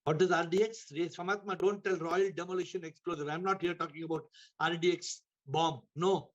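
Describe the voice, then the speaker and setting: A man giving a spiritual talk, telling stories with emphatic repetition and sudden shifts in loudness. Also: fairly high pitch, steady tone, brisk, muffled recording. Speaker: spiritual teacher. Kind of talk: spiritual talk to an online audience.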